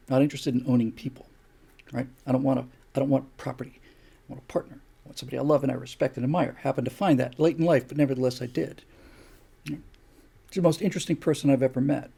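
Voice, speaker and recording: Gravelly older male commentary host. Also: mid-range voice, warm tone. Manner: emphatic, fires repeated rhetorical questions. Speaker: show host. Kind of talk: opinion commentary monologue.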